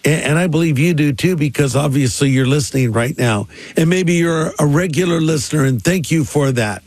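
Male pastor, earnest conversational preaching, slightly husky, dry studio sound. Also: fairly high pitch, brisk, a little mellow, no echo. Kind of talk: radio sermon and appeal.

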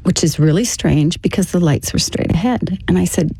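A woman telling a personal story to an interviewer in a casual, halting way, with frequent restarts. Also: lowish voice, vocal fry, mellow, slightly rough, no room sound. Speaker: interview guest.

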